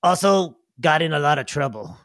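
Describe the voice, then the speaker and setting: A man's voice: a little high, lively intonation, moderate pace, a bit bright, dry recording, studio quality. A man voicing a greedy, big-mouthed male goblin who speaks in short, clipped, broken sentences. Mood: offhand.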